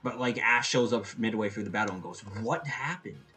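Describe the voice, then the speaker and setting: A man giving a casual, opinionated review, rambling and animated, often restarting his sentences. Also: lowish voice, fast, faint music behind, poor audio. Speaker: anime reviewer.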